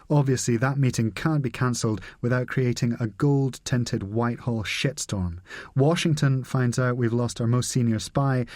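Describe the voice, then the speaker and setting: A man's voice: mid-range voice, darkish tone, no room sound, studio quality, lightly acted. A man reading the part of a blunt, profane senior male spy chief in an audiobook, with a brusque, candid manner.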